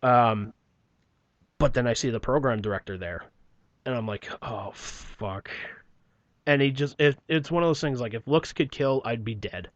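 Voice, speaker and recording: A man's voice: mid-range voice, normal speed, no room sound, lo-fi sound. Profane rambling man telling a story. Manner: profane, rambling, often clears his throat, trails off quietly. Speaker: podcast guest telling his story. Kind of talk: casual podcast storytelling.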